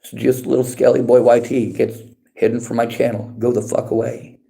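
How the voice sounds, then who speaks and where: A man's voice: mid-range voice, flat delivery, normal speed, creaky, warm tone. A man streaming from a library, reading chat comments aloud and answering them in a bitter, profane, lecturing rant. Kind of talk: angry livestream rant.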